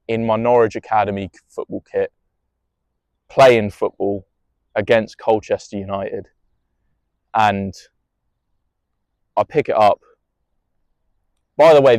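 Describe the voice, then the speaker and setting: A man's voice: medium pitch, a little mellow, no room sound, clean studio sound. A young man tells a personal story in a rambling, emotional way, swearing freely and restarting often.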